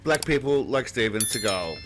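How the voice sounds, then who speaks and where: A man delivering a mocking comedy voice-over in a dry, deadpan tone. His pitch sits in an ordinary middle range. Soft music plays quietly under his voice. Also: moderate pace. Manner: sarcastic, deadpan roasting. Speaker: comedy narrator.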